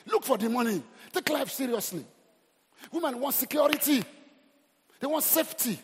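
A man's voice: extremely high pitch, normal speed, noisy background. A middle-aged Nigerian man preaching a humorous, exhorting sermon as pastor. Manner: animated, humorous, exhorting the crowd. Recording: reverberant hall.

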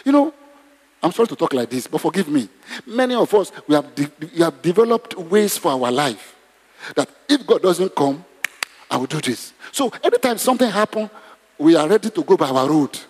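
Man, preacher, husky voice, fairly high, long hall reverb. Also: moderate pace. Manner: animated, exclamatory, leads prayer. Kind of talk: sermon.

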